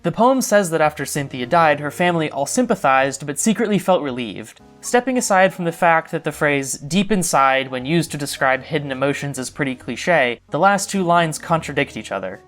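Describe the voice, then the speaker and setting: A man's voice: a little high, lively intonation, moderate pace, hardly any pauses, fairly bright tone, soft background music. A young man narrating a scripted video essay as a literary critic, with dry, wry asides. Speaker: literary critic, club co-host.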